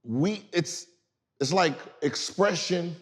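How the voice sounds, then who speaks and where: A man's voice: fairly high pitch, takes it slowly. A man co-hosting a podcast, talking casually and making his point in conversation. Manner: conversational, makes points with quoted voices. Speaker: podcast co-host.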